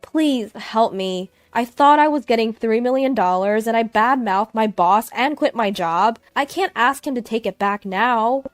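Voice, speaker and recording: A woman voicing an arrogant, desperate ex-husband in a storytelling narration, pushing his lines higher and louder when he pleads. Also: a little slow, hardly any pauses, no room sound, faint music behind, lightly acted. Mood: pleading.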